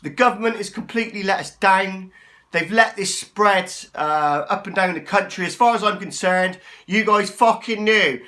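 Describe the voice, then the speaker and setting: A man in his forties vents into the camera from a cramped flat, his voice pitched high and sharp. He swears freely and keeps checking with his listeners with a "yeah?" or a "right?". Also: normal speed. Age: 40s. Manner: swears a lot, ranting, keeps asking "yeah?". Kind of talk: angry rant to camera. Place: small flat, indoors.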